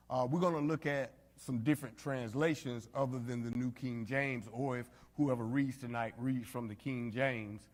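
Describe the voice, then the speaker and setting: A man leads a Bible study in a casual, conversational way, pausing on fillers and checking in with the group. His voice sits at an ordinary middle pitch. The sound carries a long reverberant tail, as if recorded in a church meeting room. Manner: conversational, frequent fillers, addresses the group directly. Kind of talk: informal Bible study teaching. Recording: reverberant hall.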